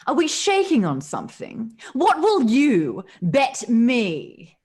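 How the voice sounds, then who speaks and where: A woman's voice: fairly high pitch, huge pitch swings, slow pace, darkish tone, breathy edge, voice pushed up, exaggerated voice. A woman voicing a snooty, greedy male tavern dealer with a haughty, disdainful drawl.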